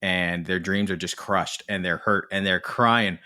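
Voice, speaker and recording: A man co-hosting a podcast, chatting casually and animatedly about films. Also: deep voice. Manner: animated, swings into quick put-on voices. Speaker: podcast co-host. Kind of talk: casual film discussion.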